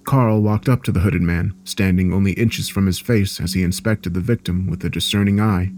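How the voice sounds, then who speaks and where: A man giving a measured, dark horror story narration. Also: low-pitched, steady tone, faint music behind.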